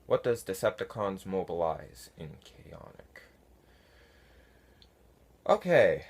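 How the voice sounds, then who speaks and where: A man casually answering viewer comments, unhurried and halting, with many fillers. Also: fairly low pitch. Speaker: fan conlang vlogger answering comments. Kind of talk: casual talk to camera.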